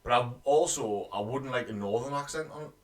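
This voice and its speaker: A man's voice: mid-range voice, moderate pace. A man from North East England, co-hosting a podcast and giving blunt, teasing opinions. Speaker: podcast co-host. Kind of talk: casual chat.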